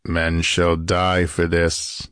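A man voicing a grim wandering swordsman who speaks softly and slowly. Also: low-pitched, dry recording, studio quality, full character voice. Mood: cold. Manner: soft, soothing, muttered. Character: grim wandering swordsman, gentle yet cold.

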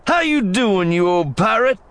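A man's voice: high voice, expressive, measured pace, voice pushed up. A man reading an audiobook, voicing a dashing, boisterous male administrator who bellows at an old friend. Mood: jovial. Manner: loud, mock-angry, then laughing. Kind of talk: audiobook narration.

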